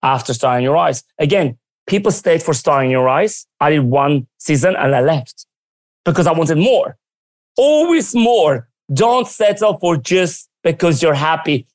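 A man telling stories from his working life in a lively, animated way, often acting out what others said. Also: a little high, unhurried, no echo. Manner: lively, acts out quoted dialogue. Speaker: guest. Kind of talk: casual storytelling.

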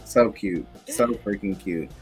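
A man's voice: fairly low pitch, slow pace, faint music behind. A man co-hosting a casual chat show, talking with sassy, dramatic asides. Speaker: podcast co-host.

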